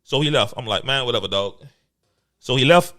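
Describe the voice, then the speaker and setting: Talking a little fast in a mid-range voice, a man tells a story on the podcast he co-hosts. The chat is casual and profane, and he animatedly plays out the quotes.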